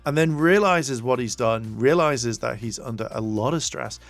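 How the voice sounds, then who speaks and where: A man's voice: mid-range voice, normal speed, no echo, soft background music. A man recapping a TV episode in a casual, rambling way, full of fillers and restarts. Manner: rambling, many fillers, acts out quotes. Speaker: TV show reviewer.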